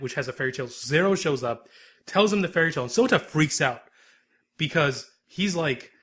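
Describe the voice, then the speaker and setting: A man co-hosting a podcast, recapping an episode in a lively, rambling, casual chat. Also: a little high. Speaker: podcast co-host.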